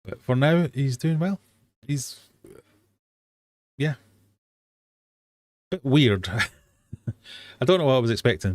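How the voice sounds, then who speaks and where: A man's voice: on the low side, no echo. Chatty man hosting a live quiz. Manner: chatty, jokey, self-deprecating. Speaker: host of a fishkeeping live stream quiz. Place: home fish room.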